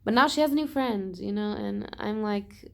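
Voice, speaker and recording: A young woman talking casually in a book vlog, animated and exasperated, swearing and laughing often. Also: mid-range voice, normal speed, vocal fry. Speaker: book vlogger.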